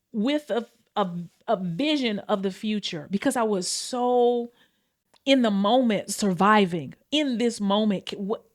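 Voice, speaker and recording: A woman hosting her own podcast, talking casually and candidly to her listeners, swearing freely and calling them y'all. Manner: animated, pitch and pace swing widely. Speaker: podcast host. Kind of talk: casual confessional talk.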